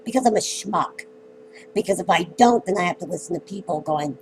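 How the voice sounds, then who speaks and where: Woman ranting at home, low voice, stops and starts a lot, bitter, a little hissy. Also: animated, low-quality recording. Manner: halting, hesitant, bitter and self-mocking. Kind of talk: emotional personal rant. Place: at home in an apartment.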